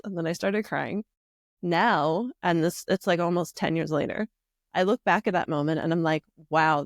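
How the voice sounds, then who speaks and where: A woman hosting a podcast in a casual conversation, reflective and chatty, with frequent soft affirmations. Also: on the low side, no echo, clean studio sound. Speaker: podcast host.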